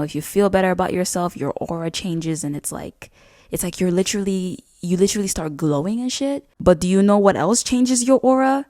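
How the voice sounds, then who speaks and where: A young woman with a low, deep-set voice gives casual advice in a vlog. She talks bluntly and swears freely, cracking jokes as she goes. The sound is dry and close, with no room around it. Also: dark tone, no echo. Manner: blunt, profane, jokey. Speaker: vlogger.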